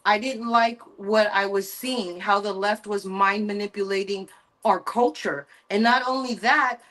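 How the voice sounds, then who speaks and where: A woman's voice: medium pitch, fairly even intonation, a little slow, a bit bright. A woman from California speaking earnestly and emphatically as a guest on a political talk show. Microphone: video call.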